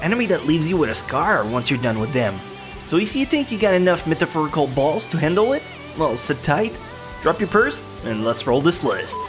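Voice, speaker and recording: A man from France with a clear French accent runs a scripted countdown commentary. His pitch swings widely, and he talks in a cheeky, mocking way with casual swearing. Faint music sits under his voice. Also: big pitch swings, normal speed. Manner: cheeky, swears, teasing jokes. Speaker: anime list host.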